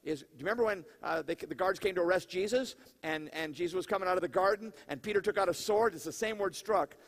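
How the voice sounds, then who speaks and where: A man preaching a conversational sermon in an animated way, with laughing asides and questions to the congregation. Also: sits high, fast. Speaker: pastor.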